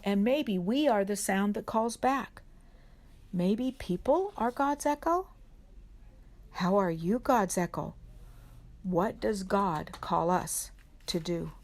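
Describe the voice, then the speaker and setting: A woman reading a children's picture book aloud at a church service for kids, gentle and unhurried, pausing to put questions to the children. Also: medium pitch, expressive. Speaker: reader at a children's worship service.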